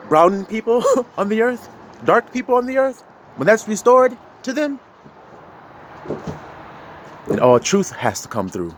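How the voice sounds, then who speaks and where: A man giving a preachy, freewheeling sermon, laughing often and swinging between loud and low. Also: a little hiss or hum. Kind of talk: street sermon.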